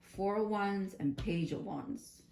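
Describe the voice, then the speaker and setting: A woman's voice: medium pitch, slow pace, vocal fry, darkish tone, slight background noise. A woman giving a casual spiritual tarot card reading, chatty and giggly, thinking aloud and often restarting her sentences. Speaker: tarot reader.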